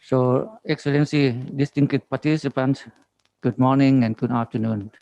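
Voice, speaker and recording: A man with a Thai accent giving a halting conference presentation on forestry, pausing often and asking for the next slide. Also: mid-range voice, fairly even intonation, warm tone, no echo, rough recording. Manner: halting, many fillers, reading slides. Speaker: government forestry official presenting.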